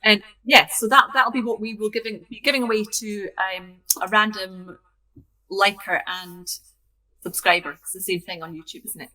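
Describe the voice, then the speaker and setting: A woman's voice: mid-range voice, fairly even intonation, moderate pace, bright, forceful tone, low-quality recording. A woman from Scotland co-hosting a casual crafting chat from her craft room over a video call, friendly and prone to digressing. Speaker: co-host, craft kit business owner.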